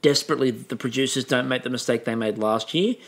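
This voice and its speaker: A man's voice: medium pitch, fast talker, gravelly, fairly bright tone. A man with an Australian accent, co-hosting a podcast in casual, joking chat. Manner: chatty, joking, swears casually. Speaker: podcast co-host.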